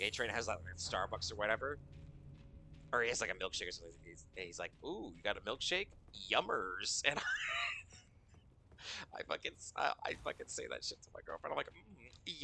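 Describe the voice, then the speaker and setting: A man's voice: mid-range voice, creaky, pushed and bright, slight background noise. A man streaming a video game, talking casually, swearing often and laughing at his own jokes. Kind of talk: casual gameplay commentary.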